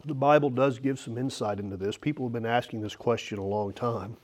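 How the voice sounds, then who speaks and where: A man's voice: medium pitch, brisk. A man preaching a sermon, reading scripture and slipping into candid, joking asides. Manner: conversational preaching with self-deprecating asides and laughs; reads scripture aloud, rising animated at personal points. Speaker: pastor.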